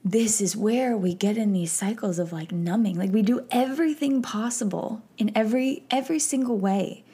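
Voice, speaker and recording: A woman's voice: mid-range voice, dark tone, slightly rough. A woman hosting a podcast, speaking in a personal, reflective way and getting teary and emotional as she talks. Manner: slow, emotional, tearful at times. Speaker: podcast host.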